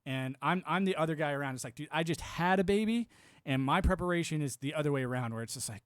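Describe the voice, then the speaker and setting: This American man in his thirties hosts a livestream with a mid-range, brisk voice, rambling casually and often acting out quoted voices. He's animated and heavy on filler words. The recording is dry, with clean studio sound.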